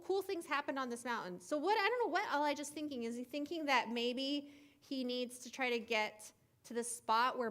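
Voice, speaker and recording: A fairly high-voiced woman leads a children's Bible lesson. She tells the story with lively energy, bouncing between big excited lines and soft, quiet asides. Her voice lands a touch above the usual for women. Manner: animated, acts out quotes with shifting loudness. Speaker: children's ministry teacher.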